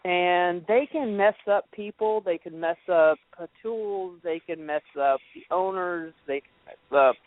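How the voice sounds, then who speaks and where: A woman's voice: lowish voice, measured pace, no room sound. A middle-aged woman from North Carolina calling in to a talk show, telling rambling, chatty stories and laughing as she goes. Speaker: caller. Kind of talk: call-in storytelling. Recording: tinny dry phone line.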